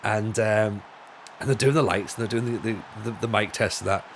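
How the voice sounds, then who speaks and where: A man's voice: lowish voice, fairly even intonation, fairly quick, a little hiss or hum. A man chatting casually on a live stream while gaming, rambling and joking with lots of restarts. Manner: rambling, jokey, full of restarts and laughs. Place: home room.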